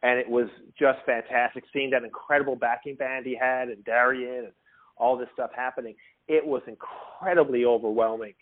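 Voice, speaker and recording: A man's voice: mid-range voice, normal speed. Male guest from Newfoundland, anecdotal storyteller, thin phone-line sound. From Newfoundland, Canada. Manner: animated anecdote teller who acts out quotes. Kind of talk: casual storytelling chat. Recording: phone-like narrow audio.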